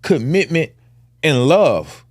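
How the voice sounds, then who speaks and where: A man's voice: on the high side, sing-song, slow pace, breathy edge, dry recording, clean studio sound. A man co-hosting a casual podcast chat, blunt and plainspoken, driving his points home through repetition and lists. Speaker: podcast co-host.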